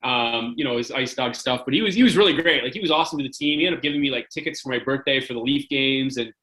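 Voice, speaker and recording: Chatty man telling stories, bright voice. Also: mid-range voice, quick pace, rough recording. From Canada. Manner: rambling, lots of "like" and "right?". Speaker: podcast guest, former hockey goalie. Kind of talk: casual interview storytelling.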